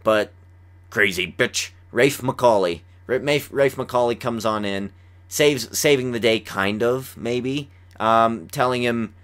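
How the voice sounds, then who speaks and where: A man's voice: mid-range voice, slow. A young man hosting a casual podcast chat, rambling through an episode recap with lots of "like.". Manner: rambling, says "like" often, animated retelling. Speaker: podcast host.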